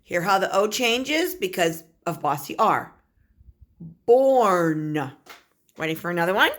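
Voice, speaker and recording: A kindergarten teacher, a woman, giving a recorded phonics lesson and sounding out letters and words slowly for small children. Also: lowish voice, sing-song, fairly bright tone.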